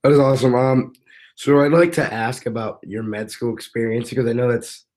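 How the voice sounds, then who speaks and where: A man's voice: medium pitch, steady tone, a little fast, darkish tone. Male podcast host, mid-range voice, brief and encouraging. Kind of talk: casual interview.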